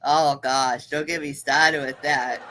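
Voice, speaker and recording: A woman hosting a podcast interview, asking short questions in an unhurried way. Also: extremely low pitch, fairly even intonation, bright, forceful tone, a little hiss or hum. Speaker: podcast host. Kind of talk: casual interview.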